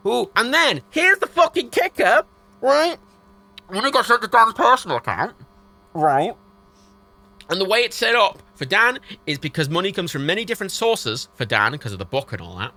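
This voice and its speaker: A man's voice: sits high, fairly quick, soft background music. A British man on a livestream, ranting in an exasperated way and swearing heavily as he talks. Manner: exasperated, heavy swearing, animated.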